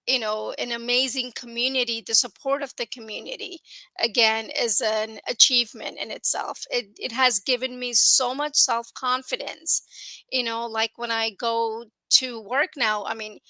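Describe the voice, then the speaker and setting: A woman's voice: on the high side, fairly even intonation, a little slow, bright, forceful tone, no echo, rough recording. A woman giving an emotional personal testimonial about her business success, earnest and full of "you know" fillers. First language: grew up in the US with an Indian-accented English. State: tearful at times. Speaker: guest sharing business success.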